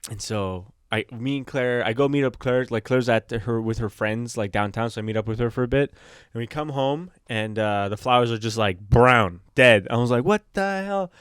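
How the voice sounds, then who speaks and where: A man's voice: medium pitch, moderate pace, fairly bright tone, clean tone, no room sound, studio quality. A man co-hosting a podcast, telling a rambling story in casual chat, swearing and acting out what people said. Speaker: podcast co-host.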